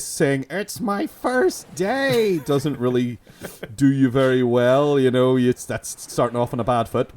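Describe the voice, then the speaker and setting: A man's voice: medium pitch, a little mellow. A man with a Belfast accent co-hosting a podcast, rambling through a comedic improvised bit with lots of restarts and giggles. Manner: rambling, self-interrupting, giggly. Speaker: podcast co-host. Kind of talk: comedic improvised sketch chat.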